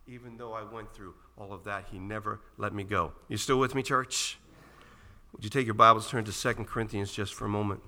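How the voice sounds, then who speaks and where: A man's voice: on the low side, sharp tone, long reverb tail. A man preaching a sermon to his church in an earnest, emphatic manner. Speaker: pastor.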